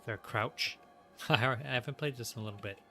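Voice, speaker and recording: A man's voice: medium pitch, normal speed, bright, forceful tone, soft background music. A man giving casual, joking commentary while playing a game, talking back to the characters. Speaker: let's play host.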